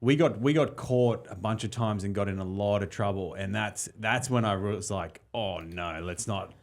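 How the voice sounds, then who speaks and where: A man with a fairly low voice hosts a casual podcast. He is easygoing and relaxed, asking questions and trading stories with his guests. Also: moderate pace. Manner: easygoing, asks questions and shares childhood memories. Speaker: podcast host.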